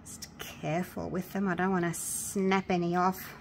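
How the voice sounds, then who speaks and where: A woman chatting casually through a resin crafting tutorial, excitable and gushing with delight. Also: lowish voice, moderate pace, gravelly, slight background noise. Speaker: craft vlogger.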